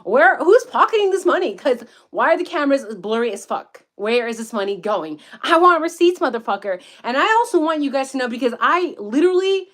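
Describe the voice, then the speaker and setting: A woman giving casual livestream commentary outdoors in the woods, profane, excitable and rambling as she reads the chat. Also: sits high, fairly quick, hardly any pauses. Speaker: true-crime commentator.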